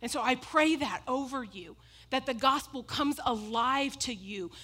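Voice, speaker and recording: A woman's voice: sits high, a little slow, sharp tone. A woman preaching a sermon, emphatic and repetitive, often breaking into laughs as she makes her points.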